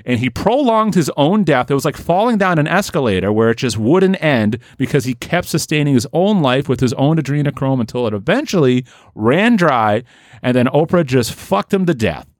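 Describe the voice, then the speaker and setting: Rambling, deadpan male comedy storyteller. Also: medium pitch, normal speed, no room sound, clean studio sound. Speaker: podcast host.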